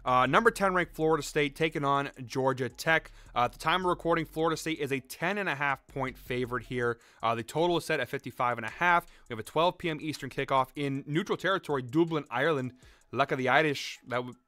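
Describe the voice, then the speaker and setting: A man's voice: a little high, pushed and bright, dry recording. A young man hosting a sports betting show, talking in a hyped, salesy way about his picks. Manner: hyped, rapid, salesy delivery. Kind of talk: energetic betting picks talk.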